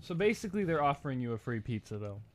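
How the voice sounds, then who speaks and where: A man's voice: mid-range voice, very animated, fast talker. A young man co-hosting a podcast, chatting casually in a laid-back, joking way and swearing now and then. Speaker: podcast co-host. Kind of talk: casual chat.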